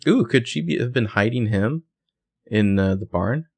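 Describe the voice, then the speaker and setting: Deep gravelly-voiced man on a podcast. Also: animated, moderate pace, a little mellow. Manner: chatty, speculative, hedging with fillers. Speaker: podcast co-host. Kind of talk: casual recap chat.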